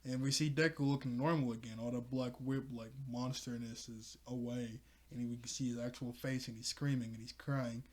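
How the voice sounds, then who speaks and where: A man's voice: medium pitch, steady tone, normal speed, hardly any pauses. Rambling man recapping a comic chapter. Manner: rambling, self-correcting, frequent ums, laughs to himself. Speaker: manga reaction host. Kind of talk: casual recap and review.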